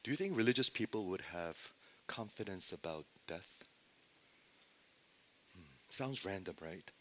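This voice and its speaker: A man preaching a sermon, moving between loud emphatic stretches and hushed near-whispers, and putting rhetorical questions to his listeners. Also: low-pitched, animated, measured pace, a little hiss or hum, rough recording. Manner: asks the audience rhetorical questions. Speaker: pastor.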